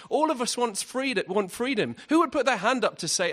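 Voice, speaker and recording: A man's voice: very high voice, very animated, brisk, hardly any pauses, fairly bright tone. A man giving an evangelistic talk at a university event, earnest and full of rhetorical questions. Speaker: guest speaker.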